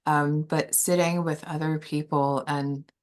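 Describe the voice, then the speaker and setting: A woman's voice: deep voice, little pitch movement, a little slow. A woman life coach, a podcast guest, sharing her personal story in an earnest, open way. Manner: earnest and open, quoting her own inner voice.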